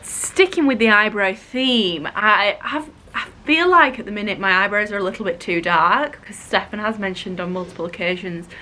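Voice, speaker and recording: A woman's voice: mid-range voice, normal speed, hardly any pauses, bright, forceful tone, a little hiss or hum. A young woman, heavily pregnant, chatting casually and gushing in a vlog, with the odd swear. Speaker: vlogger.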